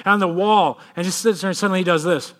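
A man in his thirties, a pastor, praying and then preaching with a lively personal story. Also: high voice, fast talker. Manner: animated storytelling, acts out kids' voices. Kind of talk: sermon with prayer and personal story.

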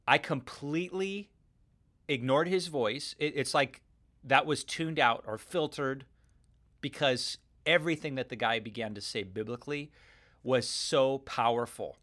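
A man's voice: medium pitch, fairly bright tone. A man hosting a podcast, giving a casual, earnest Bible teaching in a conversational way with light chuckles.

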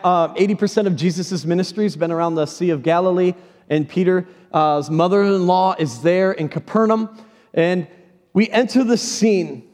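A man's voice: high voice, darkish tone. A man preaching a sermon in church, telling a story dramatically and acting out the voices in it. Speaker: pastor. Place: church sanctuary. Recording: large hall reverb.

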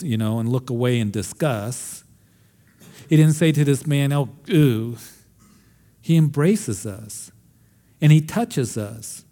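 A man's voice: medium pitch, warm tone. A man preaching a sermon to his congregation, earnest and emphatic, often repeating phrases for stress. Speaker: pastor.

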